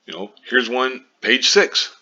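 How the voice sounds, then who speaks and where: A man rants in a commentary vlog, his voice bright and forceful, swearing often and wandering off into asides. The recording sounds muffled and lo-fi. He stays irritated and talks straight at his viewers. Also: medium pitch, lively intonation, unhurried. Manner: exasperated, profane, rambling. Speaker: video commentator.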